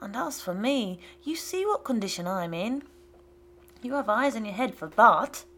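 A woman voicing a bitter, domineering old father who mocks and rants in loud outbursts. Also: medium pitch, very animated, normal speed, slight background noise. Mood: ranting. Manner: mocking and ranting, loud outbursts.

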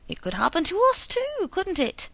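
A woman's voice: extremely high pitch, wildly swooping pitch, normal speed, gravelly, sharp tone, no room sound, pitched above the performer's own voice, full character voice. A woman reading the part of a puzzled wife who questions her husband and soothes him. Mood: questioning.

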